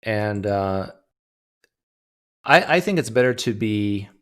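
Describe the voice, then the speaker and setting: A man's voice: fairly low pitch, animated, slow. A man hosting a livestream call-in show, talking in a blunt, wry, conversational way. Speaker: livestream host taking callers. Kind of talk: casual call-in talk.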